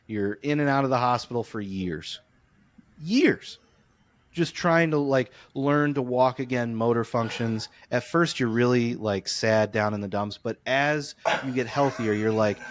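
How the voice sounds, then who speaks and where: A man co-hosting a podcast, telling long, animated, rambling stories in casual sports chat. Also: medium pitch, measured pace, no echo. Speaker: podcast co-host. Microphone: close podcast mic.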